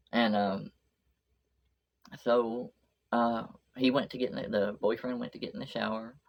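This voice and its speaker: A woman's voice: rumbling low, creaky, dull audio. A woman vlogger telling a story in a chatty, rambling video diary.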